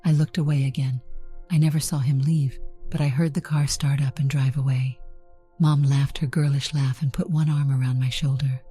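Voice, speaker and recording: A woman narrates a first-person story in a soft, breathy, half-whispered voice. Her tone is remarkably deep and dark, with a husky edge. Gentle music plays faintly behind her. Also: level tone, moderate pace. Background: soft background music.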